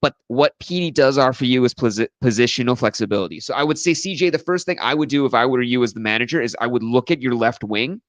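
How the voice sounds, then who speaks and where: A man's voice: medium pitch, fast talker, few pauses, no room sound. Man co-host, self-correcting chat. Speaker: podcast co-host. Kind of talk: casual chat.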